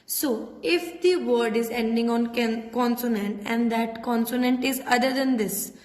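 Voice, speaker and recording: A woman's voice: a little high, unhurried, darkish tone. A woman teaching a French class patiently, spelling out letters and repeating words. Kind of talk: classroom lesson. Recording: echoey room with long reverb.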